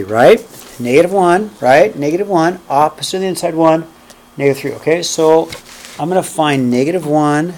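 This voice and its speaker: Math teacher guy talking a class through graphing, kinda higher voice, counts out loud, a little background noise. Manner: checks in constantly with "okay?" and "right?"; counts steps aloud while graphing. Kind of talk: classroom lecture.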